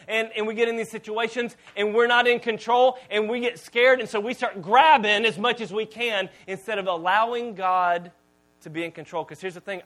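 A pastor with a notably high voice delivers a sermon in a relaxed, conversational way. He tells stories and swings from loud, punchy lines down to quiet asides. He sounds like a man in his thirties. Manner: conversational, storytelling preacher with swings in volume.

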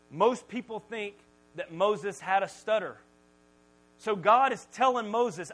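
Lively male pastor, high voice, storytelling sermon. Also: takes it slowly, poor audio. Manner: animated storytelling, jokey.

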